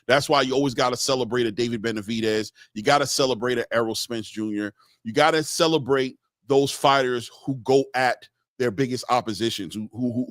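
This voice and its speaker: A man hosting a casual boxing live stream, reading out viewer comments and giving shout-outs in a loose, chatty way. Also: mid-range voice, a little fast, few pauses, no room sound, studio quality. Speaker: boxing show host.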